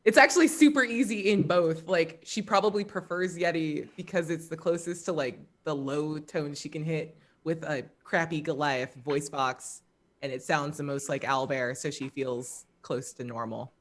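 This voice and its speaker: Eager low-pitched woman player. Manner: enthusiastic, quick reactions. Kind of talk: casual tabletop planning chat.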